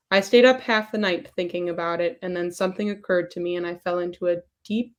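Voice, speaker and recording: A woman's voice: lowish voice, lightly acted. Lady reading as a smartass young genius guy, sarcastic. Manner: sarcastic, read aloud off a phone. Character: young male genius, cocky and mocking.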